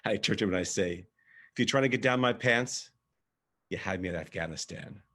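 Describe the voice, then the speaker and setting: A man playing a wry, husky-voiced storyteller. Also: on the low side, fairly quick, fairly bright tone. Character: wry, candid male arts director telling his story. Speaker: actor reading a monologue. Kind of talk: verbatim theatre reading.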